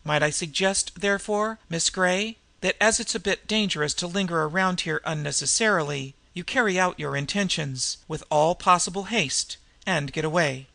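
A man voicing a suave, ironic gentleman adventurer in a storybook reading, polite and smooth. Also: high-pitched, moderate pace, few pauses, no echo, full character voice.

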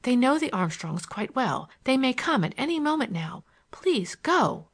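A woman reading a storybook, voicing an anxious young society girl who pleads in a hurried, soft way. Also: high-pitched, very animated, pitched above the performer's own voice, heavily acted. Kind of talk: audiobook character voice.

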